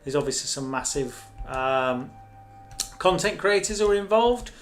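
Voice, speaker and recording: A man hosts a live stream in a loose, rambling chat, often poking fun at himself. His voice sits a little high for a man. Soft music plays faintly behind him. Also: animated, a little slow. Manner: chatty, rambling, self-mocking.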